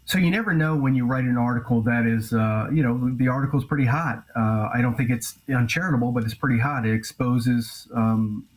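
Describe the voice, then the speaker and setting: A male journalist and author answering interview questions in an earnest, grave way, with halting restarts. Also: mid-range voice, low-quality recording.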